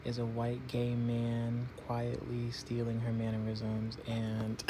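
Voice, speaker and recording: A man's voice: mid-range voice, monotone, slow pace, warm tone, slight background noise. A man ranting emphatically on social media, repeating his points. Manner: emphatic, repetitive. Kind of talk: casual social media rant.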